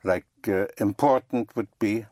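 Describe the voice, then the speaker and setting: A man's voice: on the low side, measured pace, darkish tone, no echo, clean studio sound. A man teaching a class in a patient manner, repeating and spelling out words for his learners. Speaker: French teacher.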